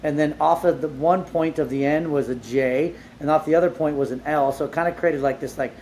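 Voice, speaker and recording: A man being interviewed, telling his life story in a casual, animated way, with lots of "like" fillers and casual swearing. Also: a little high, a little fast, a little hiss or hum. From Southern California. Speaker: entrepreneur guest.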